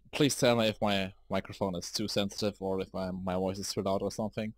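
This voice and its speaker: A man streaming a game live, chatting casually to his viewers. He mutters quietly to himself and then breaks out in excited bursts. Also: on the low side, brisk, few pauses.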